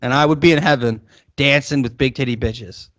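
A man co-hosting a podcast, swearing and joking loudly in casual banter, often talking over the others. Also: medium pitch, a little fast. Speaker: podcast co-host.

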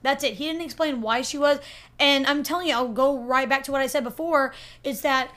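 A young woman co-hosting a casual debate podcast, arguing her side with animated, laugh-filled talk. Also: sits high, brisk. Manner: animated, argumentative, laughs often.

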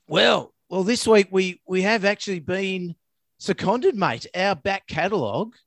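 A middle-aged Australian man talks easily on a podcast, laughing often and calling his co-host mate. His voice is a little high, recorded close and dry. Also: lively intonation, unhurried, creaky, fairly bright tone, dry recording. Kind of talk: casual chat.

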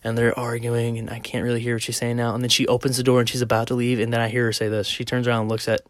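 A man hosting a podcast who tells a rambling story, cursing freely and chuckling along the way. His voice sits at a middle pitch, and the sound is dry and close with no room echo. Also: monotone, rapid-fire. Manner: profane, laughing, rambling. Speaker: podcast host. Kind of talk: casual storytelling.

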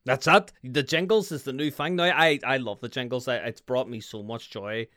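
A man co-hosting a casual podcast, talking excitably with sudden loud bursts and frequent laughter. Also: medium pitch, normal speed. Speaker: podcast co-host.

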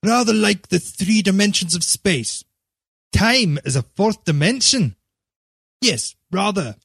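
A man's voice: high voice, lively intonation, slow, gravelly, fairly bright tone, slightly rough, dry recording, studio quality, pitched above the performer's own voice, exaggerated voice. A man voicing a self-deprecating male author who talks hesitantly and apologetically.

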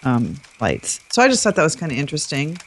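A woman talking casually as a guest co-host on a podcast about her car, in an unhurried, chatty way. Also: low voice, huge pitch swings, a little hiss or hum.

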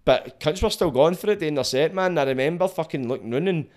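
A man's voice: a little high, fast, darkish tone. A young Scottish man hosting a podcast, chatting in a laid-back, sweary way. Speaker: podcast host. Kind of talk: casual podcast chat.

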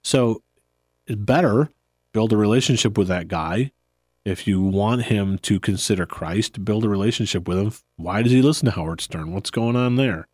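A man hosting a podcast in a relaxed, rambling chat, often laughing. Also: lowish voice, normal speed, slightly rough, dry recording, studio quality. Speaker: podcast host. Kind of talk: casual chat.

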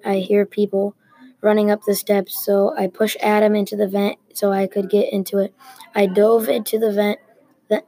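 A woman reads a story aloud in a mellow, slightly husky voice. She keeps an even, unhurried pace and stays nearly level in pitch, stumbling now and then and starting a word again. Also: poor audio. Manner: even, unhurried reading with small restarts. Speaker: story reader.

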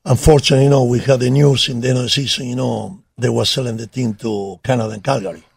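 Husky, gravelly older man, halting non-native English. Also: mid-range voice, steady tone, no echo, clean studio sound. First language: not English. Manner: halting, broken English, measured. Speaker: former soccer player guest. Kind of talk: casual chat.

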